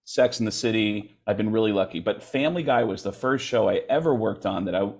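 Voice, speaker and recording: Animated middle-aged male comedian storytelling. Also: on the low side, a little fast, creaky. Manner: animated storyteller, acts out quotes. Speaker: comedian and voice actor, interview guest. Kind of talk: casual storytelling interview.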